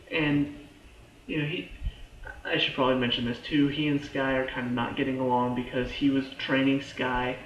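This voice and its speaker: Excitable man reviewing a show, roomy sound. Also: medium pitch, muffled recording, a little hiss or hum. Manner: excitable, lots of fillers and restarts. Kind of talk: casual spoken review.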